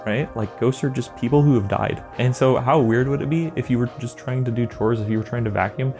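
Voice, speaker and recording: A man's voice: medium pitch, dark tone. A man delivering a comedic rant monologue as a video creator, sarcastic and exasperated, with exaggerated asides. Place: indoor green-screen setup.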